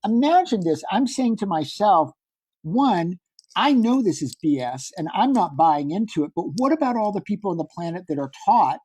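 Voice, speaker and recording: A middle-aged man, a podcast guest, telling a personal story in a lively way and acting out the dialogue. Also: sits high, husky, no room sound. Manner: animated, acts out quoted dialogue. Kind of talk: conversational storytelling.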